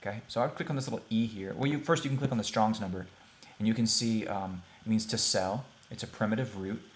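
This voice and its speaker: A man teaching a beginners' Hebrew lesson over a shared screen, talking plainly and repeating words slowly for pronunciation. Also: fairly low pitch, a little hiss or hum. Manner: plain, conversational, thinks aloud with fillers.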